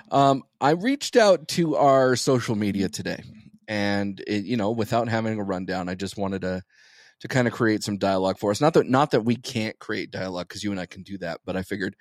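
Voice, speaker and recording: A man's voice: lowish voice, no room sound, studio quality. A man co-hosting a podcast in casual chat, rambling and repeating words as he goes. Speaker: podcast co-host.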